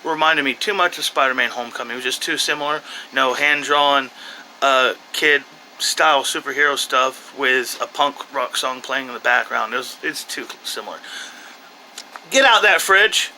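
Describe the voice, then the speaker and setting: A man's voice: mid-range voice, steady tone, moderate pace, bright, forceful tone, a little hiss or hum, rough recording. A man giving a casual, off-the-cuff movie review in a rambling way, with frequent restarts and asides.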